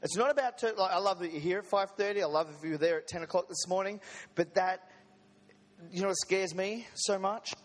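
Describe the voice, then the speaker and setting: A man's voice: high-pitched, fairly quick, in a large hall. A man preaching a sermon to a congregation, in a conversational manner with joking asides. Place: church service.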